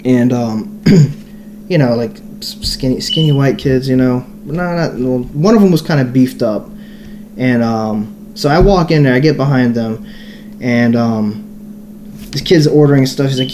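Mellow-voiced man telling a rambling story. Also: medium pitch, measured pace, a little hiss or hum. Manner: profane, rambling storyteller full of fillers. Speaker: podcast co-host. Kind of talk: casual storytelling chat.

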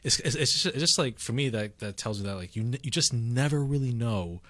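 A man's voice: mid-range voice, animated, brisk, a bit bright, no echo. A man co-hosting a casual chat, rambling with lots of fillers and restarts. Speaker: podcast co-host.

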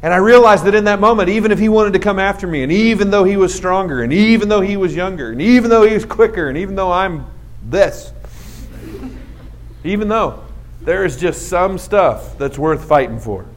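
A man's voice: high voice, lively intonation, brisk. A man in his forties preaching to a young audience, telling a story with comic self-mockery and acting out the scenes. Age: 40s. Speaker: youth speaker. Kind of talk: storytelling sermon.

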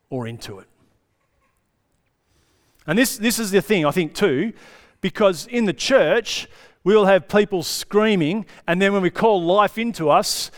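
A man preaches in a relaxed, conversational style, often checking that his listeners are following. His voice sits high and sounds smooth and resonant. The sound rings with the long reverb of a church hall. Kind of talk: sermon.

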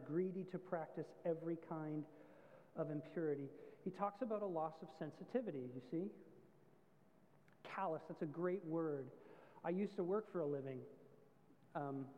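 A male pastor preaching in a relaxed, story-telling way, his voice sitting high for a man. The sound is dull and muffled, with a long church-hall reverb trailing each phrase. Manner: conversational, explains with everyday stories. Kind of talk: sermon.

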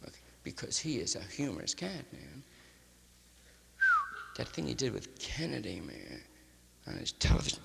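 On a concert hall stage, a male comic rambles through a loose, improvised set heavy with hip jazz slang. His medium-pitched voice is creaky, bright and forceful, swinging hugely in pitch at a measured pace. The 1961 live recording has reverb and faint hiss.

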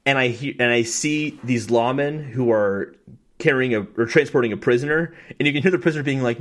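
A young man co-hosting a podcast, telling stories in an excited, fast, casual way with many fillers and acted-out quotes. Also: mid-range voice. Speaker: podcast co-host. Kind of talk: casual chat.

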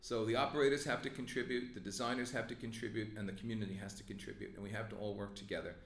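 A man's voice: on the low side, little pitch movement, very fast, vocal fry, fairly bright tone. An older man tells oral-history stories in an earnest way, with apologetic asides. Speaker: former treatment plant representative. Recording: roomy echo.

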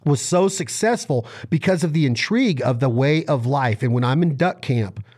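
A man's voice: mid-range voice, animated, moderate pace, darkish tone. A man from Reno, Nevada, talking as a podcast guest in earnest, rambling conversational storytelling full of restarts and repeated words.

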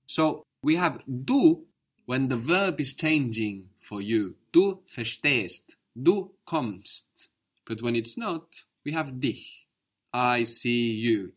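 A male teacher leads a spoken language lesson at a slow, measured pace. He explains patiently and repeats words carefully for his student to copy. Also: medium pitch, a bit bright.

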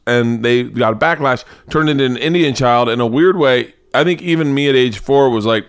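A man's voice: mid-range voice, normal speed, few pauses, smooth, no room sound. A man from the American South hosting a podcast, rambling and swearing in casual comedic chat. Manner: profane, rambling, animated. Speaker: podcast host.

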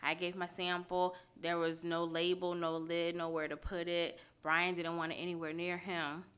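A young woman co-hosting a casual chat, telling stories in a chatty, easily amused way with quick defensive pushback. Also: fairly low pitch, flat delivery, a bit bright, slight background noise. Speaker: co-host.

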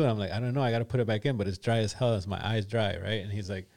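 A man's voice: on the low side, fast, hardly any pauses, a little mellow, no room sound. A man telling a crude, laughing story in casual podcast chat.

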